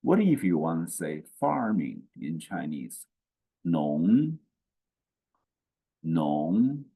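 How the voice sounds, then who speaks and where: A man teaching pronunciation slowly, saying each syllable and then repeating it. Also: deep voice, huge pitch swings, gravelly, mellow, breathy edge. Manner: slow and deliberate, repeats each syllable twice. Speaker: language teacher. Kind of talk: slow pronunciation lesson.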